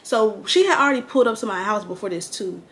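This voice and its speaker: A young woman chatting slangily through a get-ready-with-me storytime, animated and candid. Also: mid-range voice, fast talker. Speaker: vlogger.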